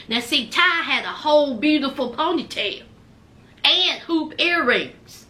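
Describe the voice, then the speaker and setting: A woman's voice: sits high, sing-song, unhurried, sharp tone. A woman giving a casual recap of a reality show, sassy and speaking straight to her viewers.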